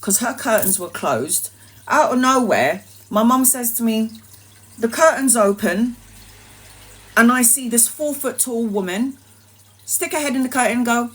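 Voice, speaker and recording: A woman's voice: a little high, lively intonation, unhurried, fairly bright tone. A woman and tarot reader telling a story in a casual livestream, acting out the voices animatedly.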